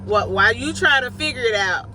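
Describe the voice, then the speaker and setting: A woman vlogger giving a casual, inspirational faith talk, repeating lines slowly for emphasis in slangy, everyday phrasing. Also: on the high side, animated, sharp tone, a little hiss or hum, low-quality recording. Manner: slow, repetitive, preacherly emphasis.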